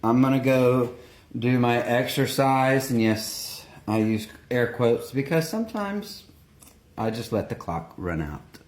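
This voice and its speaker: Guy talking to his phone in his baking room, slow easy rambly chat. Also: mid-range voice, lively intonation, a little mellow. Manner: chatty, rambling, self-talk asides. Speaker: home baking vlogger. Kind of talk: casual chat. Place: home baking room, indoors. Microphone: phone, sometimes earbuds.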